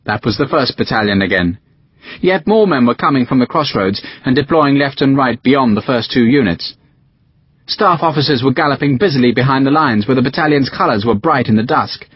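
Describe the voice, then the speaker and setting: A man narrating a war novel as a scripted audiobook reading, with expressive storytelling. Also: breathy edge, dry recording. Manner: expressive storytelling with varied pitch. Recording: dull, dry audiobook recording.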